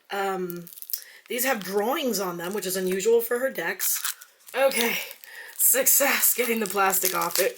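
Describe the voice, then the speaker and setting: A woman tarot reader casually flipping through a deck, softly murmuring each card's name in turn. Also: medium pitch. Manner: soft-spoken, murmurs card names quietly one by one. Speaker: tarot reader reviewing decks.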